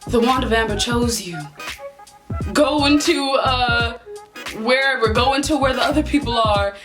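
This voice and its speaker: A woman voicing a theatrical male wand-shop clerk who makes slow, drawn-out pronouncements in a lowered voice. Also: music in the background, lightly acted. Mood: solemn.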